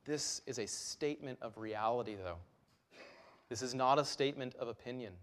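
A man's voice: mid-range voice, normal speed. Earnest male preacher with rising emphasis. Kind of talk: sermon.

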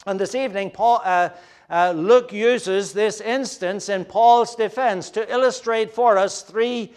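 A man preaching an expository sermon, earnest and explanatory, often pausing on fillers and turning to speak to the children. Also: high-pitched.

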